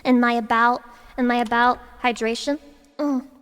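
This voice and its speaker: A woman streamer sings loudly along to karaoke backing tracks and rants to her chat in a profane, sarcastic, mock-mourning tone. Her voice is fairly high, smooth, and steady in tone, at a normal speed, and it echoes as if in a large hall.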